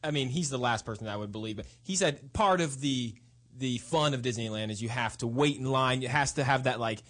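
A man's voice: mid-range voice, brisk, fairly bright tone. A man co-hosting a podcast, chatting casually and restarting his sentences. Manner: conversational, hesitant, with restarts. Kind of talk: casual chat.

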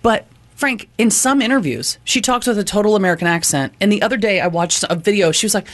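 A woman's voice: medium pitch, fast. Chatty woman co-hosting a radio show. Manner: chatty, storytelling, animated. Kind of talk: casual radio banter.

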